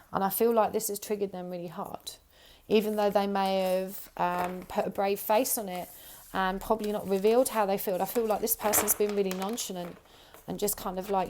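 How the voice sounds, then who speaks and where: A woman with a sore throat and an odd high-pitched twang, giving a pick-a-card tarot reading and often saying what she feels. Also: steady tone, brisk, darkish tone. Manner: intuitive, repeats "I feel like". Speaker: tarot reader.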